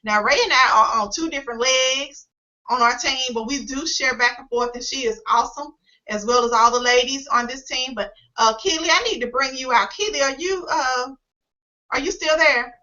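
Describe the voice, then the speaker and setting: A woman's voice: high-pitched, normal speed, bright, forceful tone. A woman hosting a casual online team call, upbeat, encouraging and emotional. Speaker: host. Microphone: video call. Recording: dull lo-fi web call audio.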